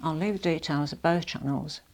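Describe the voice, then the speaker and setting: A woman's voice: deep voice, moderate pace, a little mellow. An older retired woman chatting casually to camera as a fashion vlogger, rambling and correcting herself as she goes. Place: at home.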